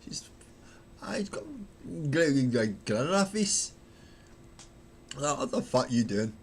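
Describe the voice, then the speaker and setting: A man from Manchester talks casually to his livestream audience from a home hobby desk. His voice sits at an ordinary middle pitch, and he jokes, swears freely and laughs at himself. A faint hum of room noise sits under the desk mic. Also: big pitch swings, slow. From Manchester, England. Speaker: livestreaming miniature painter. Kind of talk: casual livestream chat with viewers.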